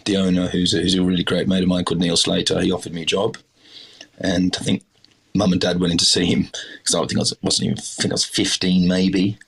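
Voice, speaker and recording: A man's voice: low voice, fairly bright tone, husky. A middle-aged Australian man, a chef telling stories in a casual interview, rambling with lots of fillers and restarts. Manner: rambling, many fillers and restarts, self-deprecating. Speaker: chef, podcast guest.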